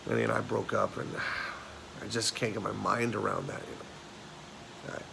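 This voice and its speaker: Performing a film monologue, a man plays a neurotic, self-mocking man who has just turned forty, rambling through his thoughts, stammering, tripping over words, and circling back repeatedly in a rueful mood. His deep, gravelly vocal fry shows little pitch movement at a measured pace, over a faint hiss.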